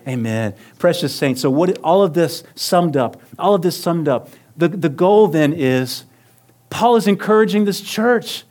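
A man preaching a sermon in church, asking rhetorical questions, calling for amens and swinging from hushed tones to raised, emphatic lines. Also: a little high, expressive, measured pace, few pauses. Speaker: pastor. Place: church sanctuary.

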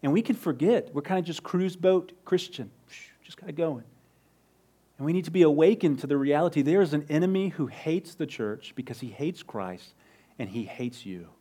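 A man preaching a sermon in a conversational way, sometimes dropping to a soft low voice for emphasis. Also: expressive, normal speed, breathy edge. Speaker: pastor.

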